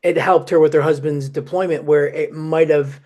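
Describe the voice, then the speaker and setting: Chatty, higher-voiced male podcast host. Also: fairly even intonation, normal speed, dark tone. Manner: chatty, full of "you know" fillers. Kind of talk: podcast conversation.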